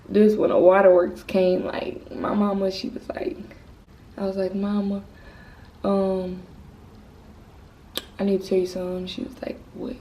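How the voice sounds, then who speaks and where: Teen girl rambling thru a storytime vlog, mellow voice, kinda far from the mic. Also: medium pitch. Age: teens. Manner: casual, rambling, candid. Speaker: vlogger. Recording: slightly distant mic with faint noise.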